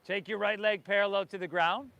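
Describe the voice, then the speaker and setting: A man's voice: sits high, steady tone, fairly quick, no room sound, dull audio. A man teaching an outdoor yoga class, giving encouraging cues and breathing instructions to the group. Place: outdoors by the ocean.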